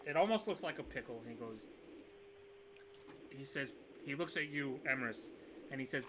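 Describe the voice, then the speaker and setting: A man's voice: mid-range voice, animated, moderate pace, long pauses, noisy background. A man narrating as game master of a tabletop game on a video call, rambling with fillers. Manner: rambling, full of fillers and restarts. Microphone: video call setup.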